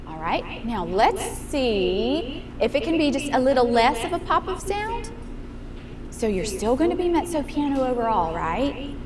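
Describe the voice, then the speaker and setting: In a room with a piano, where piano music can be heard, a woman teacher coaches a young student during a master class. Her high-pitched, sing-song voice is a little slow as she encourages the child and asks guiding questions.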